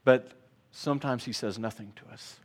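A man preaching a sermon as pastor, earnest, dropping quiet and then rising to emphatic repeated lines. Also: medium pitch, moderate pace.

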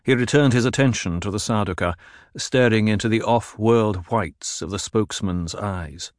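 A man narrates an audiobook with a measured, dramatic reading. His voice sits on the low side, and the recording is dry and close, without room reflections. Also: no echo.

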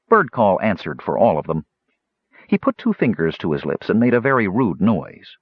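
A man reads a fantasy novel aloud with very lively, expressive pitch. His voice is husky and dry, and the recording sounds dull and lo-fi. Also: normal speed, no echo. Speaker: audiobook narrator. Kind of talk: scripted narration.

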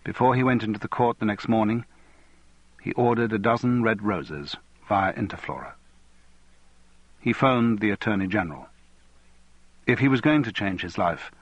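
A man reading a novel aloud as audiobook narrator, measured and even. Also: medium pitch, husky, dry recording, dull audio. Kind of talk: scripted narration.

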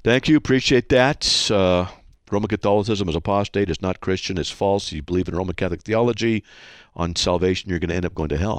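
A man hosting a call-in radio show from a studio, reading listener mail aloud in a mocking, animated way and laughing often. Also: fairly low pitch, brisk, dry recording. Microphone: studio mic.

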